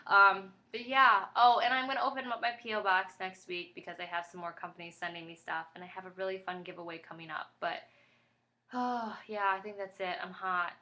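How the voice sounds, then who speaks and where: A woman's voice: mid-range voice, steady tone, a little fast, sharp tone. A woman vlogging a casual pregnancy update, rambling and chatty with lots of fillers, tired and a bit flustered.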